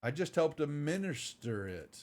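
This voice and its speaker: A man's voice: fairly high pitch, very animated, a little slow, darkish tone. A man running a tabletop game on a live stream, rambling and restarting as he talks. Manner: rambling, restarts often, greets viewers. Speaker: game master.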